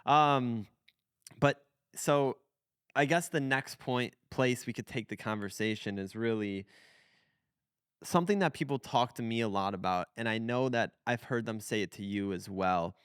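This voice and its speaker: A man's voice: mid-range voice, a little slow, a bit bright, clean tone, no room sound, studio quality. A man in his twenties hosting a podcast in a casual, rambling chat, full of fillers and restarts. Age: 20s. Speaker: podcast host.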